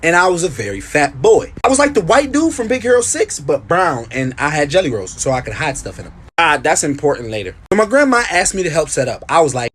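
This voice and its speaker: A young man with a husky, slightly rough voice tells comic storytime tales. He swings his pitch all over, jumping high and dropping low for punchlines. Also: quick pace, few pauses. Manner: animated, jokey, swings pitch wildly. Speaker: storytime narrator. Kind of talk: comedic animated storytime narration.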